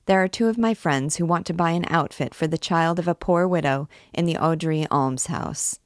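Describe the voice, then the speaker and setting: A woman's voice: low-pitched, moderate pace, no echo, clean studio sound, natural voice. A woman reading aloud and voicing a coaxing, impudent young male student. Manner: coaxing, then pleading.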